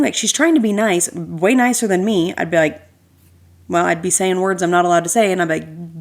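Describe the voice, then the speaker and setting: A woman hosting a podcast, telling a story as a casual rant in an animated, sarcastic way with lots of fillers. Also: on the low side, brisk, vocal fry. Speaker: podcast host.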